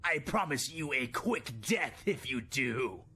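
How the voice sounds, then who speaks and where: A grinning, monstrous inquisitor played by a male narrator delivers slow, measured menace. The voice is very bright and sharp-edged, with an unhurried pace. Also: medium pitch, animated, slightly rough, soft background music, heavily acted. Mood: cold menace.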